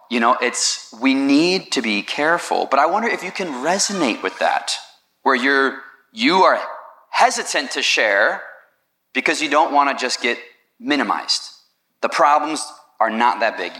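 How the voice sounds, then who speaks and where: A male pastor delivers a conversational sermon and asks his listeners direct questions. His voice is bright and forceful, and he sits in a middle pitch. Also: very animated, a little slow.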